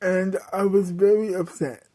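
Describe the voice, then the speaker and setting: A woman's voice: mid-range voice, steady tone, unhurried, dark tone. A woman telling a comedic story in a dramatic way, correcting herself often and breaking into sudden outbursts.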